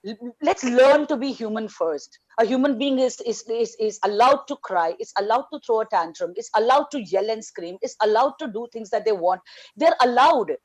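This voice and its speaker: A woman's voice: a little high, lively intonation, moderate pace, highs cut off. A woman speaking passionately on a panel, blunt and fiery, swearing freely.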